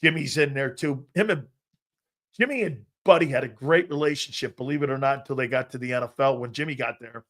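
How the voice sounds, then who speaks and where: A middle-aged man hosting a sports talk show, telling loud, brash stories and acting out what coaches said. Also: mid-range voice, fairly quick. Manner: loud, brash storyteller who acts out quotes. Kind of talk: casual sports talk, storytelling.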